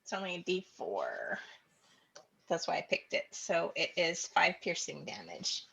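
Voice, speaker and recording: A woman's voice: lowish voice, huge pitch swings, measured pace, vocal fry, fairly bright tone, breathy edge. A woman playing in a tabletop game, chatting casually, thinking aloud and counting squares under her breath. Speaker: player.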